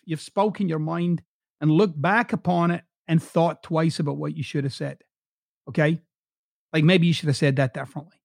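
A man's voice: a little high, creaky, dry recording, clean studio sound. Blunt Scottish man hosting a podcast. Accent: softened Glasgow Scottish. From Scotland. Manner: blunt, swears freely, direct coaching tone. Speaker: podcast host. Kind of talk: motivational podcast monologue.

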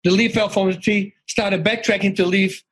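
A man telling personal stories as an interview guest, animated and acting out the voices of people he quotes. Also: high voice, moderate pace, slight background noise, poor audio. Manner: animated, acts out quoted voices, restarts often. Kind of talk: conversational storytelling.

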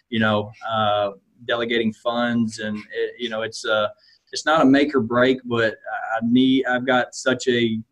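A man's voice: medium pitch, fairly bright tone. A man who works in real estate, talking about his career in a casual conversation, rambling, with many fillers and restarts. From United States. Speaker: real estate investor guest.

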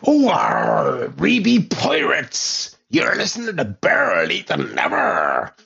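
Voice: mid-range voice, huge pitch swings, slow, vocal fry, fairly bright tone, breathy edge, exaggerated voice. A caller putting on a hammy pirate voice with a Northern Irish accent in a voicemail. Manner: swooping, growled pirate calls. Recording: dull voicemail recording.

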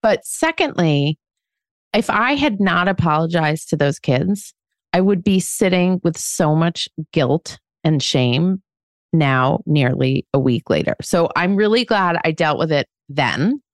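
A woman's voice: deep voice, animated, unhurried, dry recording, studio quality. A woman in her forties co-hosting a podcast, telling a story in a candid, self-mocking way and laughing at herself often. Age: 40s. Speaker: podcast co-host. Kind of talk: casual chat.

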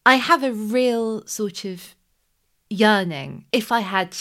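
A woman's voice: medium pitch, expressive, slow pace, pushed and bright. A woman hosting a podcast, chatting casually and musing aloud, often trailing off mid-thought. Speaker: podcast host. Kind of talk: casual chat about books.

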